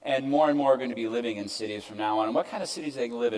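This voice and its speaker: An older man talks an audience through his slides from an event stage. His delivery is conversational and mid-pitched, with wry jokes at his own expense. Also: very fast, darkish tone, rough recording. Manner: conversational, self-deprecating asides. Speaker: keynote speaker. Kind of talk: conference presentation.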